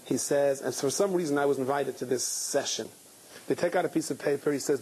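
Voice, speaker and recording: A man's voice: medium pitch, moderate pace, breathy edge, poor audio. A middle-aged man, a rabbi, telling a story in a sermon and acting out the people in it. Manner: lively storyteller who acts out the people in his stories.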